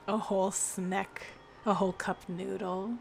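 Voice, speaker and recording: A woman's voice: medium pitch, level tone, a little slow, gravelly, a little mellow, a little hiss or hum. Giggly woman streaming a game. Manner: giggly, chatty, reacts aloud. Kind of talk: casual game commentary.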